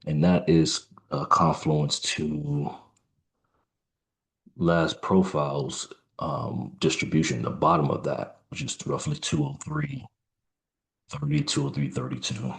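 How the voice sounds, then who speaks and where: Very deep gravelly-voiced man. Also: lively intonation. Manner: halting, musing aloud with fillers and restarts. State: yawning, tired. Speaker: trader. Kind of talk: live trading commentary.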